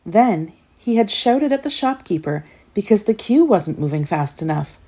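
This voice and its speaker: A woman reading a children's picture book aloud, gently asking her young listeners questions. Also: medium pitch, very animated, moderate pace, breathy edge. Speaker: storyteller.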